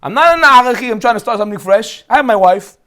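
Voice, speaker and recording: A man with a Brooklyn accent teaches a Torah class in a high, swooping voice. He rattles along at a fast clip, joking and throwing rhetorical questions at his listeners. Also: animated, pushed and bright. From Brooklyn, United States. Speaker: rabbi teaching a weekly class. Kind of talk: lively Torah class talk.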